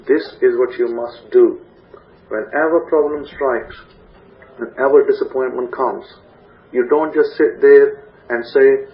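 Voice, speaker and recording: A man's voice: mid-range voice, fairly even intonation, measured pace, narrow, tinny audio. A man, a rabbi, preaching a sermon with an emphatic, repetitive cadence.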